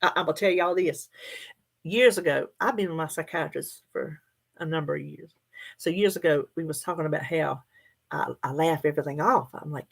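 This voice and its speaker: A woman's voice: low-pitched, normal speed, gravelly, slightly rough. A middle-aged woman, chatting casually with her viewers and laughing often as she answers their comments. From United States. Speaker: livestream host.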